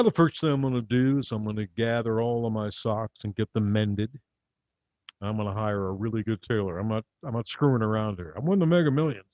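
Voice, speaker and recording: A man doing live-streamed stand-up comedy, delivering wry, rambling one-liners in a deadpan manner. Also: mid-range voice, no echo. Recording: dull dry lo-fi recording.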